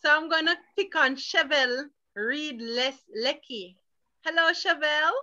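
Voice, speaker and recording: Woman, host, high voice, bright tone, muffled lo-fi call audio. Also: unhurried. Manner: upbeat, coaxing, calls on people by name. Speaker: host of an online reading competition. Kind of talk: encouraging moderator on a video call. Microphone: video call. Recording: dull lo-fi online call audio.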